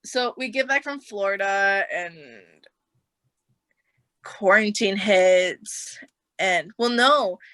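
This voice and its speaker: A woman's voice: mid-range voice, slow pace, long pauses, no room sound. Young woman rambling through a story, acts out everyone's lines, lots of "like", dry close sound. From United States. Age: young adult. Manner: animated storyteller, acts out quotes, says like a lot. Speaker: podcast guest. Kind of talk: casual storytelling chat.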